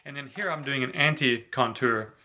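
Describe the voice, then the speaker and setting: A man giving a relaxed, chatty saxophone lesson, talking between played examples and filling his talk with "you know". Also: medium pitch, normal speed, over loud music. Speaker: saxophone teacher. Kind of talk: casual instructional talk between playing examples.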